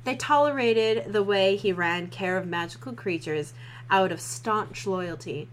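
A woman's voice: medium pitch, measured pace, a little hiss or hum, rough recording. A woman co-hosting a podcast, reading a fan fiction aloud and breaking off for sardonic, laughing asides. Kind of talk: casual chat and mocking read-aloud.

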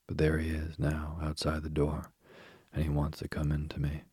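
Man voicing a fretful young princess, storybook, very deep, husky, dry. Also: monotone, moderate pace, dark tone, no room sound. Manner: fretful, pleading. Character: spoiled young princess, fearful then furious.

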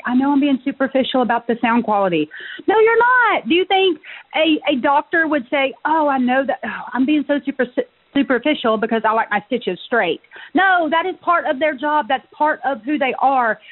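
A woman leaving a voicemail for the hosts, earnest and encouraging like a coach. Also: sits high. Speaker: voicemail caller. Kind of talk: voicemail message. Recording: phone-line voicemail.

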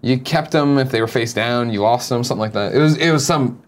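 A man co-hosting a casual comedic talk show, bantering quickly. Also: medium pitch, a little hiss or hum. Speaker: podcast co-host.

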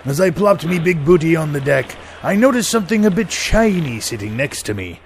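A man's voice: a little high, lively intonation, brisk, slight background noise. A man hosting a podcast in a comic pirate character, with a mock pirate accent, laughing at his own jokes.

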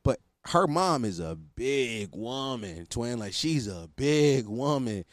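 A man's voice: mid-range voice, very animated, takes it slowly, no room sound, clean studio sound. Candid, slangy young man telling stories. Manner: candid, profane, slangy, self-mocking. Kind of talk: casual storytelling.

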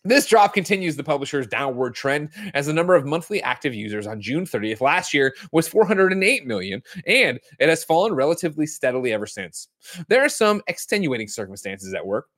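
A man's voice: on the high side, sing-song, a little fast, a bit bright. A man hosting a podcast, chatting in a jokey, rambling way and reading the news aloud. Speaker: podcast host. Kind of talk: casual chat and ad read.

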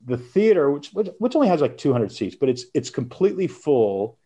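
A middle-aged man speaks at a middle pitch as an interview guest. He tells his story with animation, acting out quoted voices and laughing between lines. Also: big pitch swings, a little fast, mellow, husky. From United States. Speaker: guest author.

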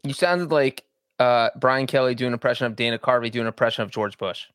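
Male co-host with dry, deadpan delivery, mid pitch, dry sound. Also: fast, clean tone, no echo. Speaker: podcast co-host. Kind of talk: casual sports podcast chat.

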